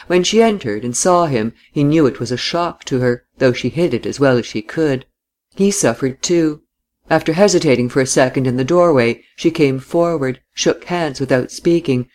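Man, audiobook narrator, steady even reading, classic novel. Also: mid-range voice.

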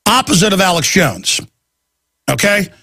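A man's voice: high-pitched, sing-song, a little slow, pushed and bright, no room sound, studio quality. A man hosting a talk show, telling a rambling story in a ranting style and acting out the voices of the people he quotes. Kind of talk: rambling talk-radio rant.

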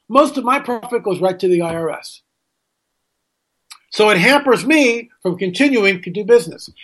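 A middle-aged American man with a notably high-pitched voice hosts a talk radio show. He rants with indignation, piling up rhetorical questions and hammering on his points. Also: fairly bright tone. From United States. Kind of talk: opinionated radio monologue.

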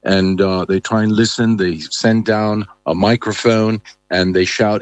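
A man reporting as a correspondent in a live news interview, halting with many fillers and restarts. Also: fairly low pitch, fairly even intonation, no echo.

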